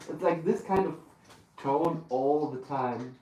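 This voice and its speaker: A man with a German accent answers questions as a guest on a live podcast, pausing and hunting for words. His voice sits fairly high. The sound is distant and roomy, with faint room noise behind. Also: mellow. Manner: halting, searching for words.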